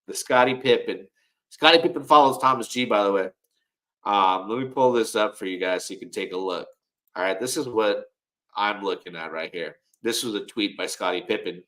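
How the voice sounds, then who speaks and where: A man's voice: lowish voice, fairly bright tone, rough recording. A man talks casually to his livestream viewers. He rambles and circles back, repeating words as he goes, yet sounds frank and self-assured. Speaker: livestream host.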